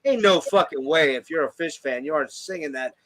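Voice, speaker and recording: Slightly high and fairly bright, this man's voice moves a little fast. He runs a laid-back music podcast reviewing albums, raving about songs with plenty of profanity.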